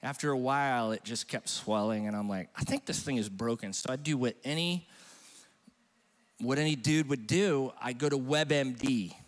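A middle-aged pastor with a medium-pitched voice delivers a humorous, conversational sermon at a moderate pace, poking fun at himself and chatting with the congregation. A large hall's long reverb surrounds him.

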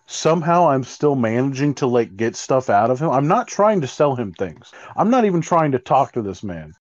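A man's voice: medium pitch, very animated, moderate pace, no echo. Man, casual chat, rambling, exasperated, swearing, slightly muffled recording. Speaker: co-host telling a work story. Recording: dry, slightly dull recording.

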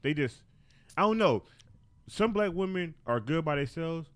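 A man's voice: fairly high pitch, measured pace, no echo. A man telling stories in a casual podcast chat, acting out the voices of people he quotes. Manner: animated storyteller, acts out quoted voices. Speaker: podcast co-host.

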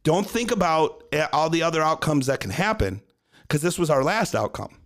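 A man's voice: on the high side, lively intonation, moderate pace, fairly bright tone. A man who coaches gymnastics, explaining his method in casual talk, asking and answering his own questions and often adding "right?". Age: adult with a young daughter. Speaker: gymnastics coach, podcast co-host.

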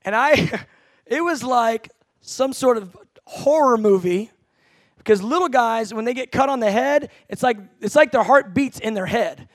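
A man in his thirties preaching a sermon, telling a family story with animated, acted-out quotes and laughs. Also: very high voice, a little slow, no room sound. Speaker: pastor.

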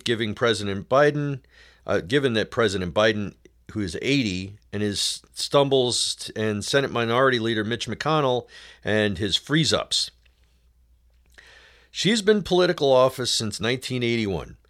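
A man's voice: medium pitch, a bit bright. A male show host giving a sarcastic political commentary monologue, often calling his listeners folks.

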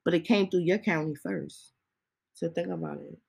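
A woman's voice: lowish voice, moderate pace, creaky, a little mellow, husky, low-quality recording. A woman hosting a podcast, ranting in a casual, heated and indignant way with lots of rhetorical questions. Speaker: podcast host.

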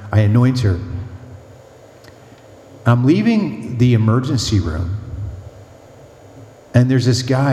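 Male priest, preaching, animated storyteller, mellow warm voice, echoey church hall. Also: medium pitch. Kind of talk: Lenten mission talk.

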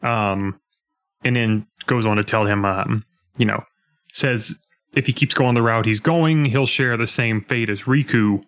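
A young man co-hosting a podcast, chatting casually about a video game and acting out lines with lively jumps in his voice. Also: lowish voice, a little slow. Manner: animated, acts out game lines in a jumpy voice. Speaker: podcast co-host.

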